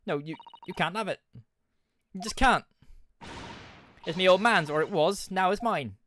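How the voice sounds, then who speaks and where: A man voicing a scrappy, defiant young street girl, cheeky and loud. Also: high-pitched, normal speed, slight background noise, voice pushed up. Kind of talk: reading game dialogue aloud.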